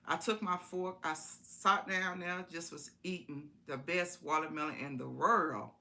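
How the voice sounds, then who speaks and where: Woman storyteller, bright voice, lowish pitch, folksy, repeats lines for emphasis. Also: fairly even intonation, unhurried, slight background noise. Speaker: live-stream storyteller. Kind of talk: casual spoken storytelling.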